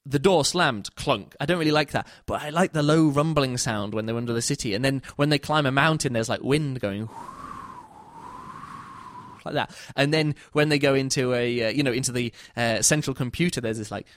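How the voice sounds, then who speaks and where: A man's voice: mid-range voice, brisk. A man giving a casual spoken book review, rambling and often correcting himself mid-sentence. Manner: rambling, self-correcting, many restarts.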